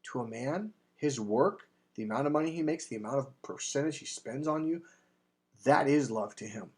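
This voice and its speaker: A man's voice: mid-range voice, animated, normal speed, breathy edge. A man talking as a dating coach, delivering an emphatic, blunt sales monologue with casual swearing. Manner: acts out quoted voices in anecdotes.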